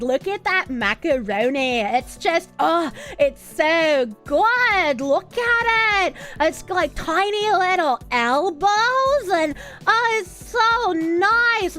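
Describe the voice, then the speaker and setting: A woman's voice: extremely high pitch, sharp tone, voice pushed up, full character voice. A woman putting on the voice of a gushing female cooking influencer, drawn out and swooning. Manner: slow, swooning, syrupy exaggeration.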